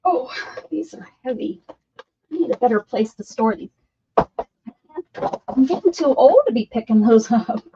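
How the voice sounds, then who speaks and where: Woman host, casual crafting chat, a bit high-pitched, mutters to herself as she works. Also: expressive, unhurried, pauses often, mellow. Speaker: art livestream host. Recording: dull lo-fi audio with faint noise.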